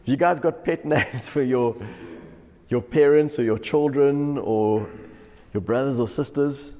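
Pastor in a reverberant hall. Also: male voice, mid-range voice, unhurried, warm tone. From South Africa. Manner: chuckles often while telling stories. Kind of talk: devotional sermon.

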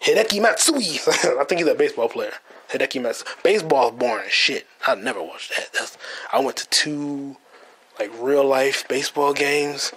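A man's voice: mid-range voice, moderate pace, fairly bright tone. A man in his twenties with an American accent, hosting a podcast as a casual solo monologue, profane and joking, stumbling over his words. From United States. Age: 20s. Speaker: podcast host.

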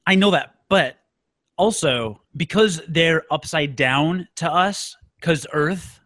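A man's voice: on the high side, slow, a bit bright, no room sound. Dry-sounding podcast host man. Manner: dry, self-deprecating storytelling. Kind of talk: casual chat. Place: Chicago.

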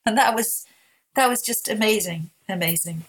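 A woman author, speaking softly and haltingly as a guest in an emotional interview conversation. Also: mid-range voice, slightly rough. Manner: soft-spoken, halting with many restarts.

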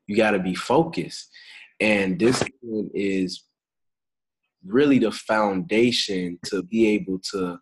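A man's voice: low voice, breathy edge, low-quality recording. A young man co-hosting a podcast in a casual, slangy, laid-back way, chuckling between thoughts. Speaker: podcast co-host.

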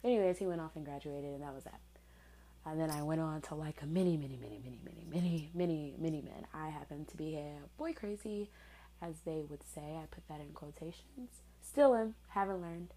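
A woman's voice: low-pitched, a little fast, mellow, poor audio. A woman in her twenties telling a personal story in a candid, sarcastic way, swearing casually. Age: 20s.

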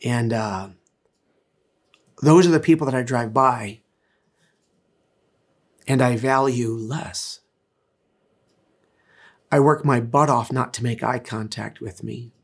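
A man's voice: mid-range voice, slow, long pauses. A middle-aged man, a pastor, preaching a sermon in an earnest, conversational way, with frequent hesitations. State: tearful, emotional.

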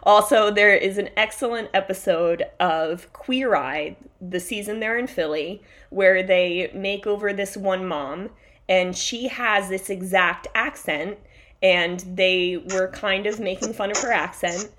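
A woman's voice: mid-range voice, measured pace, a bit bright. A woman from the Philadelphia area co-hosting a podcast in casual chat, laughing as she talks and reading out lists. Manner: chatty, laughs while talking, reads out lists. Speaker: podcast co-host.

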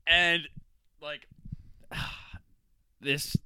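A young man co-hosting a podcast, telling a party story in casual chat, swearing often and loudly acting out what others said. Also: fairly high pitch, drawn-out words, slight background noise. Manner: animated storyteller, profane, acts out quotes loudly. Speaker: podcast co-host.

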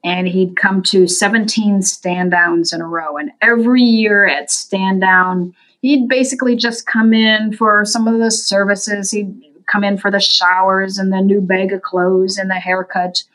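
A woman guest in an interview tells a long story at an easy pace. Her voice sits in a middle register. When she quotes people she jumps up in pitch and gets more animated. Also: measured pace, rough recording. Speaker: guest from a veterans' services group.

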